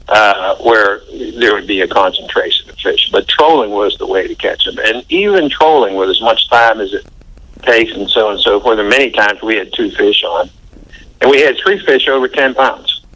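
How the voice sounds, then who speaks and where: A man's voice: on the low side, normal speed, a bit bright, low-quality recording. An older man telling a story in an interview, chatty and folksy, chuckling as he recounts. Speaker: interview guest.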